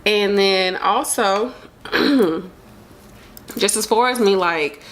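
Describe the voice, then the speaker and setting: A woman's voice: mid-range voice, very slow, a bit bright. A young woman chatting casually to camera about her pregnancy, open and emotional, rambling with lots of fillers. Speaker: vlogger sharing a pregnancy update.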